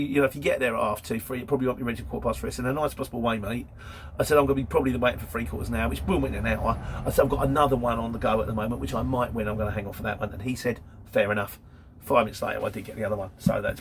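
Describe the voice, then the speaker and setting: A man's voice: a little high, breathy edge. A man hosting a casual question-and-answer monologue, telling stories chattily and acting out other people's lines in a raised voice. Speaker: host answering viewer questions.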